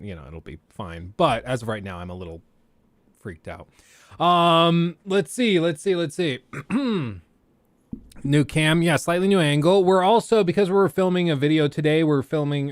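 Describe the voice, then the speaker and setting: A man's voice: a little high, clear, resonant tone, no echo. Brief: male streamer, casual chat, dry close sound, trips over words. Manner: chatty, self-deprecating, trips over his words. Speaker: streamer and host.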